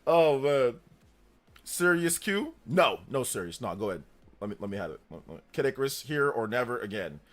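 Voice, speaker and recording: A man's voice: mid-range voice, normal speed. A man hosting a live stream, chatting casually, reading out chat messages and thanking viewers, often laughing. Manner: animated, reads chat aloud, laughs often. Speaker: livestream host.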